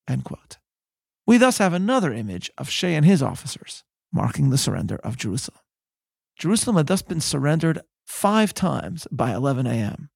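A man hosting a podcast, telling history in measured, scripted narration that slows for emphasis. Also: fairly high pitch, gravelly, no echo, studio quality. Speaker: podcast host.

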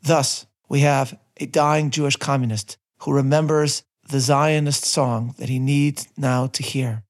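Guy giving a sermon, calm and earnest, ordinary mid voice. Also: medium pitch. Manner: measured, earnest delivery with Hebrew citations. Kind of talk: sermon reading.

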